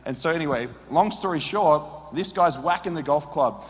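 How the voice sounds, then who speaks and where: An Australian man telling a lively story in a sermon, acting out what people said to him. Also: fairly high pitch, normal speed. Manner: animated storyteller, acts out quoted dialogue. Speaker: preacher. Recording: long hall reverb.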